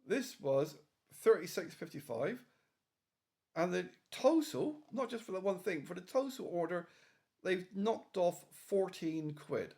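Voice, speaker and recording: An English man with a gravelly, fry-laden voice talks in a loose, playful vlog monologue. His pitch leaps all over in a teasing sing-song, and he swears freely and drops into a mock accent for fun. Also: a little mellow. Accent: British English. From England. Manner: jokingly slips into a silly put-on accent. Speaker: vlogger. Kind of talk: casual rambling monologue.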